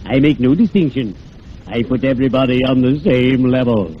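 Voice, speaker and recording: An actor playing a morbid undertaker friend who speaks slowly and makes grave puns, in 1940s radio comedy style. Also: male voice, medium pitch, natural voice. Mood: sepulchral. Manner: slow, sepulchral and punning. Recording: muffled old radio broadcast with faint hiss.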